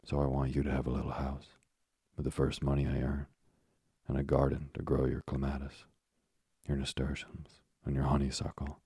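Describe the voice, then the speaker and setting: A man voicing a frail, gentle old father. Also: extremely low pitch, monotone, moderate pace, slightly rough, no room sound, clean studio sound, heavily acted. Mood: gentle, weary.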